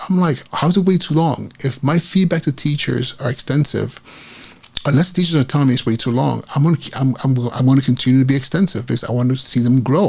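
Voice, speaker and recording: A man's voice: mid-range voice, creaky, darkish tone, husky. A man hosting a podcast, earnestly retelling a story from his career as an educator, acting out the quotes with frequent restarts. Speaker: podcast host, school principal. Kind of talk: personal storytelling monologue.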